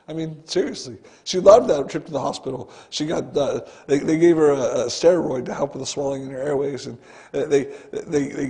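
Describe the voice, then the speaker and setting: Gravelly-voiced man preaching a sermon. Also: a little high, mellow. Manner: earnest, conversational preaching, often starting with "listen". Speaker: pastor. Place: church sanctuary.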